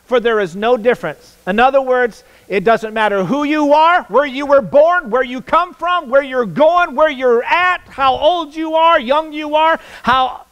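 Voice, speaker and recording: Guy preaching in church, pretty high voice, keeps repeating stuff to hammer it home. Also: measured pace, few pauses, a bit bright, poor audio. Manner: emphatic, repeats words for stress, asks the congregation questions. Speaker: pastor. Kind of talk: sermon. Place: church sanctuary.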